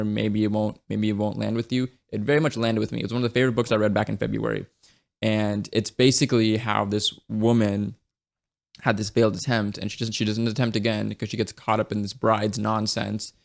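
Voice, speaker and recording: Casual male book reviewer: low gravelly voice, flat delivery, blunt and profane. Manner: blunt and profane, with frequent restarts.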